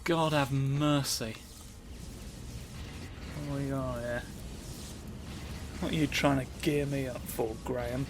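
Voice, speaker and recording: A man's voice: mid-range voice, steady tone, slow pace, long pauses, noisy background. A man giving sardonic gameplay commentary, grumbling and swearing at the game. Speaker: let's play commentator.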